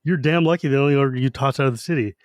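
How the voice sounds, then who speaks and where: A man's voice: mid-range voice, very fast, no echo, close to an everyday voice. Man doing blunt half-elf leader, casual paraphrase, dry sound. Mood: exasperated.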